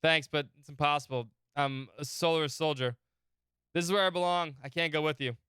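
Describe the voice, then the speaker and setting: A man's voice: fairly high pitch, steady tone, brisk, sharp tone, clear, resonant tone, no echo, clean studio sound. A man reading an earnest young woman soldier. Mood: resolute. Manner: earnest, apologetic.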